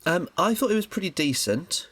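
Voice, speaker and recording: A man's voice: high voice, expressive, normal speed, a bit bright, a little hiss or hum. A man co-hosting a film podcast, chatting casually and rambling with lots of fillers. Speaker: podcast co-host.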